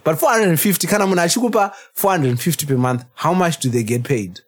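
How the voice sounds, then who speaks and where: A man co-hosting a podcast in casual chat, animated and laughing, often restarting his phrases. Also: fairly high pitch, quick pace. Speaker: podcast co-host.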